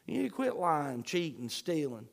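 A man preaching a sermon, fervent, swinging between shouts and hushed pleading. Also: fairly high pitch, big pitch swings, moderate pace, creaky. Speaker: pastor. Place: church sanctuary. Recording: long hall reverb.

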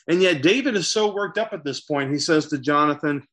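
A man's voice: on the high side, a little fast, hardly any pauses. A man giving an expository Bible lesson, reading old scripture and retelling it as vivid everyday dialogue. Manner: paraphrases scripture in lively acted-out dialogue. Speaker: Bible teacher.

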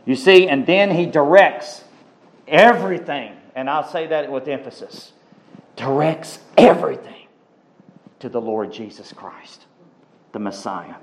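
A man's voice: mid-range voice, normal speed, low-quality recording. A man preaching a sermon, emphatic and given to repeating words for stress.

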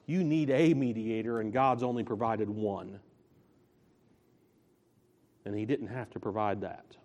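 A man preaching a sermon, slow and emphatic, stressing and repeating his key phrases. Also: on the low side, warm tone.

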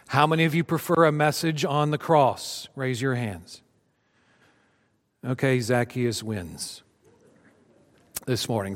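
Middle-pitched man in his fifties, a pastor mid-sermon, reading scripture dramatically; church hall with long reverb. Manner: dramatic scripture reading, rising for cries and dropping low. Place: church sanctuary.

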